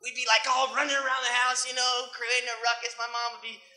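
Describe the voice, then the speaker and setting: A young male comedian rambles through his set in a laid-back, slangy way, his voice bright and forceful. The recording is from an 1980s club with lots of room echo. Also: very high-pitched, flat delivery, fast. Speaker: stand-up comedian. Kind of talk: stand-up comedy.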